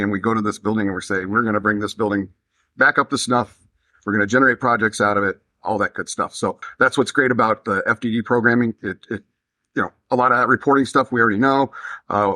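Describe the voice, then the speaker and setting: Bright-voiced male maintenance manager, casual. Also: medium pitch, no room sound. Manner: casual, halting with fillers and restarts. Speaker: university maintenance manager, guest. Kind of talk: conversational interview answers.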